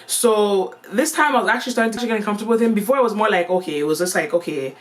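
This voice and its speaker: A young woman telling a storytime vlog in an animated, playful and slangy way. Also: mid-range voice, fast talker. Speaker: vlogger.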